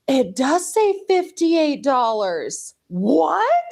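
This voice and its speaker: A woman with a high, lively voice hosts casual commentary, slow and drawn-out in her sassy remarks. She sounds incredulous and amused. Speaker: host. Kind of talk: casual commentary on viral clips.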